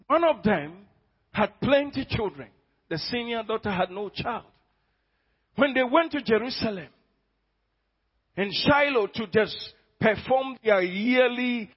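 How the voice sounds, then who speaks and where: A man pastor, preaching an emphatic sermon and calling out to his congregation. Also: high voice. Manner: emphatic, exhorting, calls to the congregation. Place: church hall. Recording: dull lo-fi recording with long church reverb.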